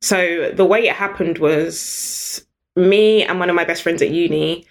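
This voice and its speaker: A British woman, a guest in an interview, telling stories in an animated, chatty way and laughing often. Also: fairly low pitch, unhurried. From Britain. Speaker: guest entrepreneur. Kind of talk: storytelling in an interview.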